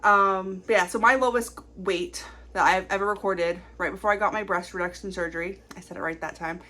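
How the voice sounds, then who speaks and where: A young woman in her twenties talking casually to camera in a confessional vlog, rambling quickly with lots of fillers. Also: mid-range voice, fairly even intonation, pushed and bright. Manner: chatty, rambling, fast-talking with many fillers. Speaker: vlogger.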